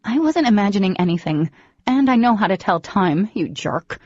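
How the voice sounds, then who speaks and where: A woman's voice: lowish voice, moderate pace, no echo, highs cut off, soft background music, natural voice. A woman reading the lines of a frantic, indignant teenage girl in an audiobook, raising her voice. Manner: shouting, indignant.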